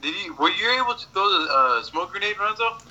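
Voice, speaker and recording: A man's voice: high-pitched, expressive, brisk, bright, forceful tone, lo-fi sound, slight background noise. A young man chatting casually, telling rambling stories full of swearing and laughing at himself. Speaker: podcast regular. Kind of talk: casual chat, storytelling.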